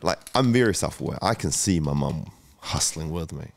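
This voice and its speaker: A man's voice: extremely low pitch, lively intonation, moderate pace, gravelly. A man, a guest telling a candid personal story, emotional, swearing often and using many fillers. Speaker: guest entrepreneur.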